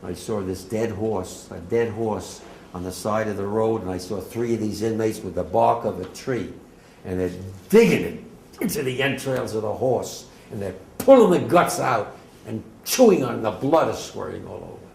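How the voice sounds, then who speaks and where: An elderly man from New Jersey recounts what he witnessed with raw intensity, his low voice breaking off and then surging toward a shout. He speaks in a roomy hall with a faint hiss behind him. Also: lively intonation, vocal fry. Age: 80s. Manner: intense, halting, voice swelling to near shouting. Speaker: war veteran speaker. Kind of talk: emotional eyewitness testimony to an audience.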